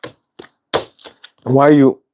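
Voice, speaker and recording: A man's voice: dull audio, slight background noise. Rambling man hosting a spiritual livestream. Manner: rambling, halting, many fillers and restarts. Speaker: channeler and show host. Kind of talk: casual spiritual livestream chat.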